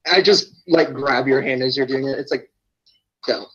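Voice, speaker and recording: A man's voice: medium pitch, husky. A man playing a tabletop game, chatting casually and laughing often. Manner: giggly, slow, animated. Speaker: player. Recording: dull lo-fi recording.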